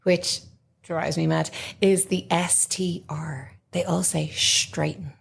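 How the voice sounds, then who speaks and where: Middle-aged woman, podcast co-host; low, gravelly voice, chatty explainer. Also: steady tone, slow, a little mellow. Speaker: podcast co-host and singing teacher. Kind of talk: casual chat.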